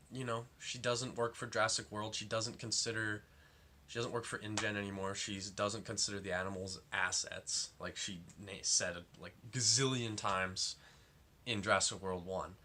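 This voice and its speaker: A man's voice: lowish voice, fairly even intonation, moderate pace, sharp tone, slight background noise. A young man giving a casual, rambling film review, full of fillers and exasperation.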